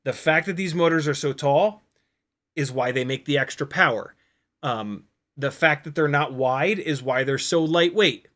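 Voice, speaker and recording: A man's voice: a little high, moderate pace, a bit bright. A man hosting a casual livestream Q&A, thinking aloud as he works through technical details from home. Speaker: livestream host. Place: at home by his computer.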